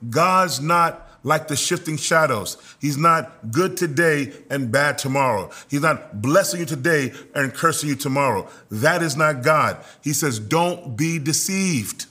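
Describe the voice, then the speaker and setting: A man preaching a sermon, telling scripture stories with lively acted-out quotes. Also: fairly high pitch. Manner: animated storytelling preacher, acts out quotes, laughs.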